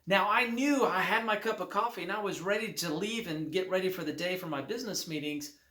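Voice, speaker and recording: A man who writes motivational books telling a personal anecdote to his viewers in an upbeat, lively way with emphatic repetition. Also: high-pitched, fairly quick. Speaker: motivational author. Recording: roomy echo.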